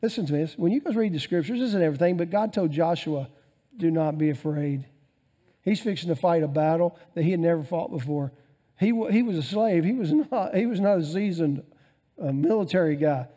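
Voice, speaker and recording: Animated pastor, high mellow voice. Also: male voice, fairly quick, husky. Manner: animated preaching, swings between loud emphasis and quiet asides. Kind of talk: sermon.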